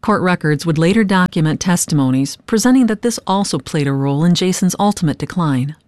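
A woman narrating a documentary from a script, with a measured, earnest delivery. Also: lowish voice, lively intonation, a little mellow, no room sound, clean studio sound.

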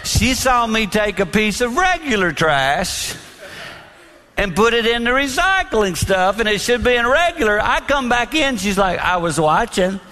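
A middle-aged man preaching a storytelling sermon on marriage, animated, acting out quotes and laughing along. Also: very high voice, a little slow. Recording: long hall reverb.

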